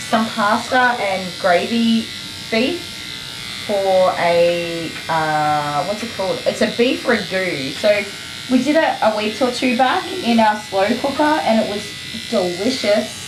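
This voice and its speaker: An Australian woman who works as a dog groomer, chatting casually on a livestream while soothing a restless dog in soft, coaxing tones. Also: medium pitch, lively intonation, slow pace. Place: grooming salon. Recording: echoey room with clear background noise.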